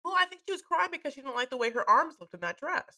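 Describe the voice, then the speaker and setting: A woman's voice: high voice, very animated, very fast, pushed and bright. A woman co-hosting a podcast, chatting gossipily about a reality show and acting out the people in it. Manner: chatty, gossipy, acts out quotes. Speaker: podcast co-host. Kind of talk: casual chat recapping a reality show.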